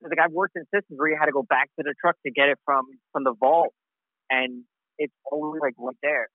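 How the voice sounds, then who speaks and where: A man's voice: fairly high pitch, steady tone, fairly quick, no echo, narrow, tinny audio. A man, a paramedic guest on a casual podcast, talking loosely and agreeing often. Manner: loose, agreeable, lots of "yeah". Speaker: New York paramedic guest.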